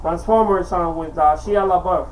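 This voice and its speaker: A man's voice: sits high, normal speed, a little hiss or hum, rough recording. A man talking in a rambling, hesitant way, full of fillers, in a casual home vlog. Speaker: home video maker.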